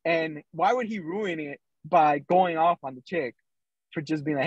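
A man's voice: a little high, unhurried, no room sound. Man telling a story, dull dry sound. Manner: storytelling, many ums, acts out quotes. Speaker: podcast co-host. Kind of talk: casual chat.

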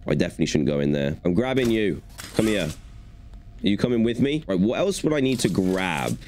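A man's voice: low-pitched, big pitch swings, a little fast, darkish tone, a little hiss or hum. A young man giving chatty, playful commentary while playing a video game. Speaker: gaming YouTuber. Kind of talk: gaming commentary.

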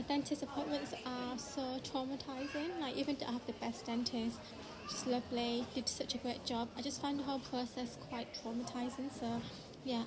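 A woman vlogging in casual, rambling chat, slightly out of breath, with lots of fillers and restarts. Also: high voice. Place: shops and home, indoors.

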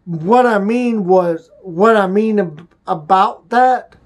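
Vlogger, male, high voice, slow, emotional halting delivery, confessional. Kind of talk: personal confessional vlog.

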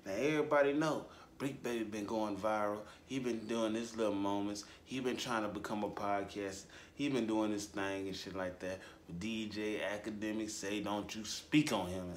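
A man giving casual reaction commentary, drawling and repeating himself, his voice jumping high for emphasis. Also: normal speed, hardly any pauses, echoey room, a little hiss or hum. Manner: animated, drawling, repetitive, voice jumps high for emphasis. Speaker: commentary host.

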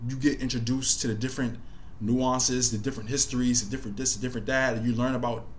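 A man's voice: medium pitch, little pitch movement, quick pace, a little hiss or hum. A man hosting a casual commentary video, talking loosely and thinking aloud with lots of fillers. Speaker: commentary host.

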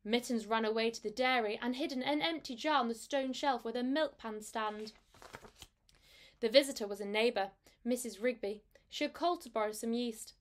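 A woman teacher reads a storybook aloud to her pupils, gentle and unhurried. Her voice sits a bit high for a woman. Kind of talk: reading a storybook aloud to a class.

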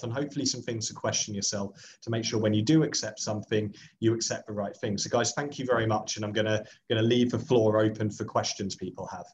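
Slightly hoarse man giving a career webinar. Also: fairly low pitch, slight background noise. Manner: encouraging, repeats himself, many fillers and restarts. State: slightly hoarse, losing his voice. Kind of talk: presenting to a webinar audience.

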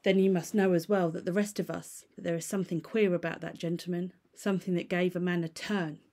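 Woman doing a scared old butler, urgent and pleading, a bit higher and louder than her reading voice. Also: level tone, brisk. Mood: uneasy. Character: frightened loyal old male butler. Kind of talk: storybook reading.

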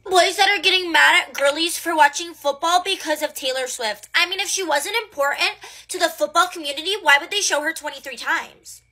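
Woman doing a bossy preteen mean girl, high, bright, condescending, skit comedy. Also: brisk, hardly any pauses. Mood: sassy. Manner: snippy, condescending, valley-girl filler "like".

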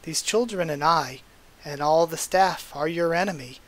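A man's voice: fairly high pitch, moderate pace, fairly bright tone, close to an everyday voice. A man reading aloud the lines of a remorseful woman, a former caretaker mother, from a comic, in his own plain voice. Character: remorseful former caretaker mother who turned against her master.

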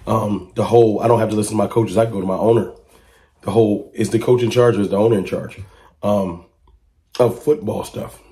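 A man talking straight to camera as a sports fan commentator, with a low, dark tone. He presses his points emphatically and keeps firing rhetorical questions at his listeners. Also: fairly quick. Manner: rises to excited high-pitched exclamations when reacting to clips.

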